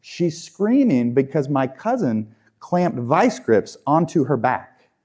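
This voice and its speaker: A man in his thirties preaches as if talking with friends, circling back and restarting his phrases as he goes. His voice sits at an ordinary middle pitch. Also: very animated, takes it slowly, darkish tone. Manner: conversational preaching with frequent repeats and restarts, acts out quotes. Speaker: pastor. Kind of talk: sermon.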